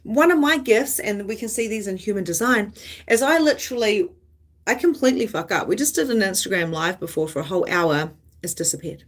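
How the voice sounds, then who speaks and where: A woman's voice: mid-range voice, lively intonation, brisk. A woman psychic medium hosting a live stream, chatting casually in a rambling, candid way and swearing freely.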